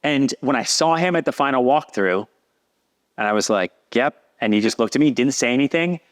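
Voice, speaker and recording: A man in his thirties tells a story on a podcast. His voice sits at a middle pitch, and he jumps up high whenever he acts out the voices of other people. His delivery is casual and animated. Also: brisk. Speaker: podcast guest.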